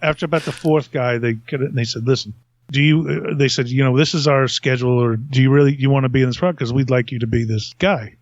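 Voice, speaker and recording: A man's voice: medium pitch, fairly even intonation, fast talker, dry recording, dull audio. A man telling a long story in casual podcast chat, rambling and self-mocking, laughing often.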